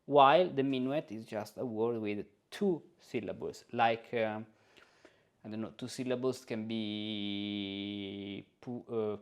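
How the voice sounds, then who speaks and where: Slow-talking male composition teacher. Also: mid-range voice. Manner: sings rhythms and note syllables aloud to demonstrate, thinking out loud. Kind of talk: informal composition lesson.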